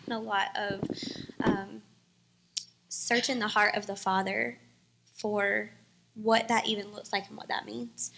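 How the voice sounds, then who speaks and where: A woman speaking as a guest at a church service, giving a thoughtful, measured reflection with pauses. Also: medium pitch, creaky, sharp tone, poor audio. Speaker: church guest sharing her story. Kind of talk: reflective testimony.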